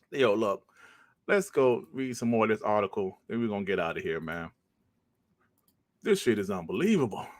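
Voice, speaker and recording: A man's voice: fairly low pitch, expressive, moderate pace, long pauses, dry recording. A man hosting a podcast, ranting casually and emphatically, swearing and repeating points for stress. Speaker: podcast host.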